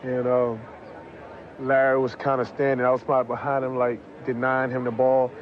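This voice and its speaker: A man flatly recounting a tied game from a defender's side. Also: mid-range voice, moderate pace. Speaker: former opponent. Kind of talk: casual storytelling. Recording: dull audio with crowd noise outdoors.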